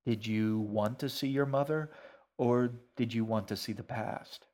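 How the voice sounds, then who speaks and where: A man reading a story aloud, voicing a polite middle-aged stranger who speaks gently and a bit formally. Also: mid-range voice, close to an everyday voice. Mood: calm. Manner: measured, mildly formal.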